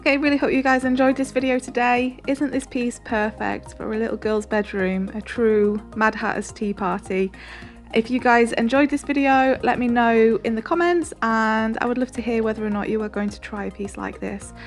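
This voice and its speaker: A woman narrating a furniture painting tutorial, relaxed and chatty, with soft music behind. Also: fairly high pitch, normal speed. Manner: relaxed, chatty, says "um" and "really, really" often. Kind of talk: step-by-step painting tutorial voice-over.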